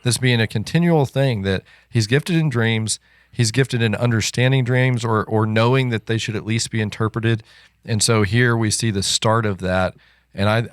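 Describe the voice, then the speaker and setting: A man with a fairly low voice who explains his view in a steady, matter-of-fact way during a casual podcast talk. The sound is dry and close to the mic. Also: dry recording. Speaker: podcast co-host. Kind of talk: casual Bible discussion.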